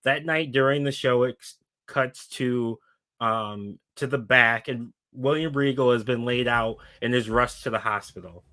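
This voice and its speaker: Speaking at a measured pace in a sharp, medium-pitched voice, a man co-hosting a podcast chats about a fantasy wrestling booking he's recapping. His storytelling rambles, full of fillers and restarts.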